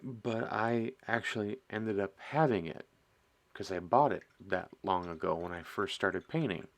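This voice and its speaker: Chatting casually as he paints, the host of a miniature painting stream rambles along in a low, slightly slow voice. He's a middle-aged man from the US Midwest who teases himself and laughs at his own jokes.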